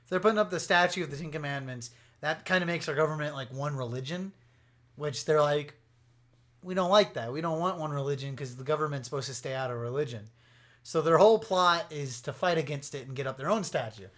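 Young male podcast co-host, slightly high voice, excitable, loose and profane. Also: a little fast. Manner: excitable, swears freely, trails off with fillers. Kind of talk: casual chat.

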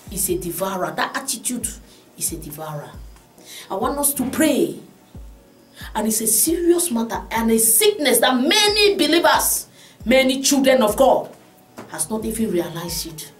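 A woman preaching, then leading an impassioned prayer that rises to shouts, repeating "oh God". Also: high voice. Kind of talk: sermon and fervent prayer. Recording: echoey room with music behind.

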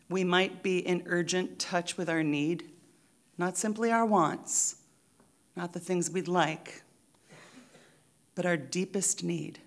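Woman pastor giving a sermon, lowish voice, slow and deliberate, lots of rhythmic repeats. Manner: deliberate, emphatic, with rhythmic repetition. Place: church.

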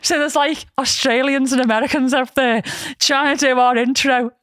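A woman's voice: high-pitched, steady tone, normal speed, fairly bright tone, no room sound, studio quality. A woman with a Scouse accent hosting a podcast, chatting and telling stories with frequent laughs. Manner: chatty storyteller, laughs often. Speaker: podcast host. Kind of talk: casual chat.

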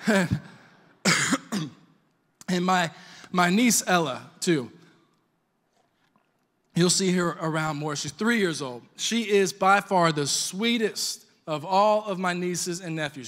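A man's voice: sits high, a bit bright, long reverb tail. A man preaching a sermon as a pastor, conversational and joking as he tells stories. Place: church sanctuary.

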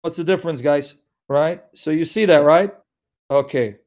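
A man teaching scripture to an online audience, emphatic, repeating key phrases slowly and calling listeners guys. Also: fairly high pitch, a little mellow. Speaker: Christian apologist teaching scripture. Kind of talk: live online Bible teaching.

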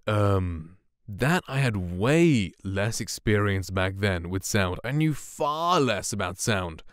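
Speaking close to a studio condenser mic, a streamer and voice actor around twenty reviews the microphone in a relaxed, rambling, soft-spoken manner. His low-leaning voice is smooth, with no echo.

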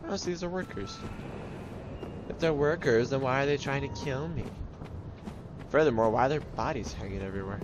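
A man's voice: medium pitch, expressive, fast talker, long pauses, over music, low-quality recording. A man casually commentating a video game, joking and talking to the enemies on screen. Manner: jokey, talks to game enemies in silly voices. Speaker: gameplay commentator. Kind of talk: let's play commentary.

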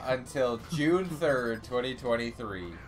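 A man's voice: mid-range voice, expressive, slow pace, crowd noise. A man playing a video game with a friend, laughing and teasing in casual banter.

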